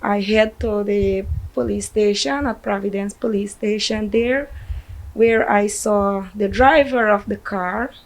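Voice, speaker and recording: A woman's voice: medium pitch, fairly even intonation, poor audio. A woman with a Guyanese accent, a grieving mother telling a news reporter how she learned of her son's death, in distressed bursts. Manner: distressed, recounting events in rushed bursts. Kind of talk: emotional news interview.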